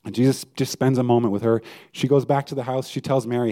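A man's voice: mid-range voice, flat delivery, fast, dark tone. A male pastor giving a conversational sermon and putting questions to his listeners. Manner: conversational preaching, asks the audience questions.

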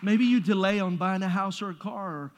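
A man's voice: sits high, brisk, some chatter behind, slight background noise. A man preaching a sermon as pastor, conversational and joking, with playful asides to the congregation. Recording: long reverb of a large hall.

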